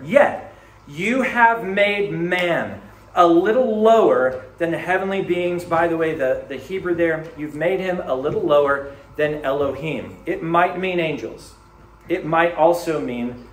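A man preaches a sermon in a fairly high voice. He swings between quiet, hushed passages and emphatic, rising peaks. The recording carries the echo of a church room with faint ambience behind him. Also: slight background noise. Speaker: pastor.

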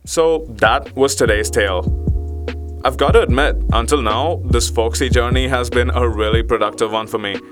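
A man hosting a storytelling podcast, narrating a tale in a measured, friendly way. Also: mid-range voice, music in the background.

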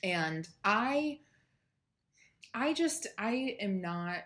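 A young woman telling a story in casual chat, animated and peppered with swearing. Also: medium pitch, very slow.

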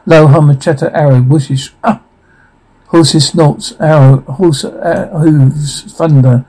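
A man reading a drama's captions and sound cues aloud in a flat, halting way. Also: fairly high pitch, poor audio.

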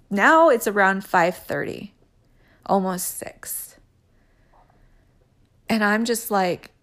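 A woman's voice: mid-range voice, fairly bright tone. A young adult woman telling a personal story in an emotional way, acting out bits of quoted dialogue as she goes.

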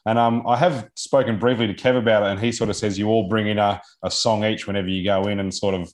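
A man with a fairly low voice hosts a casual chat, asking questions in a loose, rambling way. His phrasing circles around before landing, peppered with "you know" and "sort of". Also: level tone, quick pace. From Australia. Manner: rambling, hedging questions with many fillers. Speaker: podcast host.

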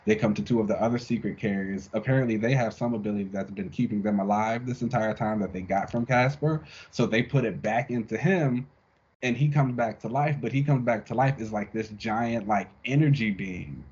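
A man co-hosting a casual podcast, reviewing comic issues in a relaxed, rambling way full of fillers. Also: lowish voice, a little fast, husky, lo-fi sound. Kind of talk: casual chat.

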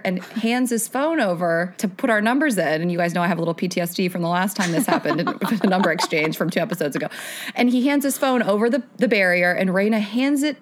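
A woman's voice: mid-range voice, quick pace. A woman co-hosting a podcast in casual chat, telling a story with lots of laughter. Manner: animated storyteller, laughing often. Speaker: podcast co-host.

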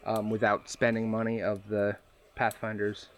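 A man's voice: on the low side, completely flat delivery, normal speed, slight background noise. A man playing a tabletop role-playing game, talking in a rambling, hesitant way full of fillers and restarts. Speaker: player. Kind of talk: casual tabletop game play.

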